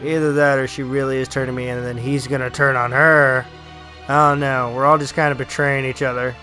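A man's voice: medium pitch, flat delivery, fairly quick, pushed and bright, faint music behind. A young man giving casual, joking commentary over a video game, with rambling asides. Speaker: let's play host. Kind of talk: gameplay commentary.

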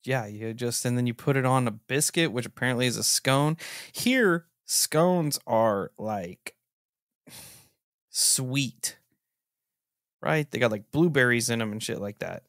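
A man hosting a podcast in casual chat, teasing and incredulous, with lots of animated reactions. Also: mid-range voice, measured pace, dry recording, studio quality. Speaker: podcast host.

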